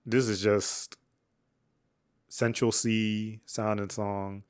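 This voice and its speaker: A young man giving a candid, slangy album review, rambling with fillers and restarts, dropping to low mutters and jumping up when excited. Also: drawn-out words, clear, resonant tone. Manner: swings between flat mutters and excited highs. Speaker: music reviewer. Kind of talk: casual album review monologue.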